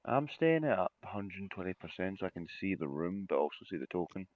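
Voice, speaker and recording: Deep, very lively-voiced man. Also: fairly quick, narrow, tinny audio. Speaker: player. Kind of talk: casual chat while playing a tabletop game.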